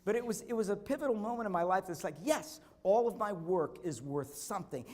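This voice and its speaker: Animated, high-voiced man giving a speech. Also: a little fast, hardly any pauses. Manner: animated storytelling, repeating key phrases; acts out quotes, bursting into shouts. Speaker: keynote speaker. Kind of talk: motivational conference speech with personal stories. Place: conference stage.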